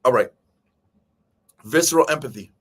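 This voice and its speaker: Guy hosting a live stream, chatty and animated, talks straight to viewers, mid pitch voice. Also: moderate pace, breathy edge. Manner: animated, addresses viewers directly, acts out quoted speech. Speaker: show host. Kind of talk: casual live-stream book talk.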